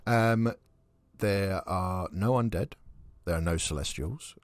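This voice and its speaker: A man narrating a tabletop game as dungeon master, calm and measured with some hesitant fillers. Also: sits low, no room sound.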